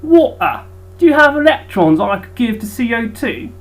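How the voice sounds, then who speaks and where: A woman's voice: on the high side, very animated, moderate pace, faint music behind, pitched above the performer's own voice. A woman voicing an eager cartoonish molecule that politely asks for electrons.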